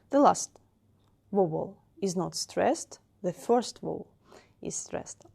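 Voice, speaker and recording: A woman's voice: medium pitch, lively intonation, takes it slowly, vocal fry, warm tone, breathy edge. A woman teaching a grammar lesson, patiently repeating each example word. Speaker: Russian language teacher.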